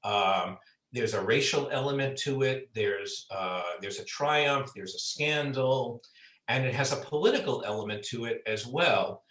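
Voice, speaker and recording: A man's voice: mid-range voice, unhurried, fairly bright tone. A man, an author, chatting about his book with lots of fillers and restarts, heard over a video call. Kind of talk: conversational book talk. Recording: roomy sound, far from mic.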